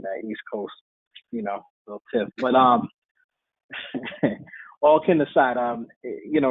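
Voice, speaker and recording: A man from New York with a gravelly voice speaks in a measured way, with a light joking edge. The sound is tinny and phone-like, and very dry. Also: mid-range voice, dry recording. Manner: joking, then measured and thoughtful. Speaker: webinar guest. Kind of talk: casual discussion. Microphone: video call.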